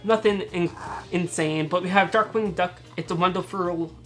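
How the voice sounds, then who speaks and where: A woman's voice: on the low side, moderate pace. A woman hosting a casual haul vlog, chatty and rambling, laughing often and restarting her words. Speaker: channel host showing thrift finds.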